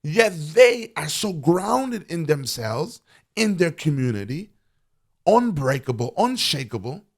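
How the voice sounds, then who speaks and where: Earnest male vlogger with a gravelly voice. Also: fairly high pitch, very animated, slow pace. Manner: earnest, preachy, repeats phrases for emphasis. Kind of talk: impassioned commentary to camera.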